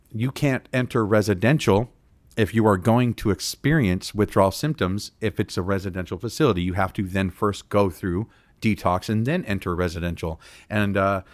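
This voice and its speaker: Low, dry-voiced man explaining earnestly. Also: no room sound. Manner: earnest, explanatory, with frequent fillers. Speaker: treatment provider on a panel. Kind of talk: panel discussion talk. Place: community town hall.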